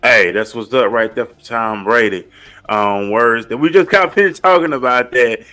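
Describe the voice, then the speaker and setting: Bright, forceful male talk show host. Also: medium pitch, moderate pace.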